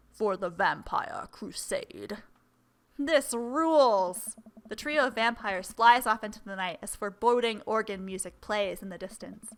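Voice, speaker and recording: A woman's voice: mid-range voice, pushed and bright. A woman hosting a let's-play, reading a dating game aloud and adding playful, chatty asides to the characters.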